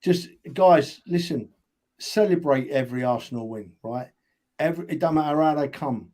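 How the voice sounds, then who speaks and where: An older man speaks with earnest feeling as co-host of a fan chat. He stumbles over his first words, then presses his point. His voice is a bit higher than usual for a man. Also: moderate pace, darkish tone. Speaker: podcast co-host.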